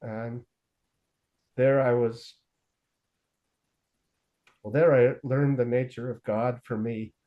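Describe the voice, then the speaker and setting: Slowly and with long pauses, a middle-aged interview guest shares the story of his own recovery, candid and self-deprecating. His mid-range voice stays steady, and the audio is narrow and tinny.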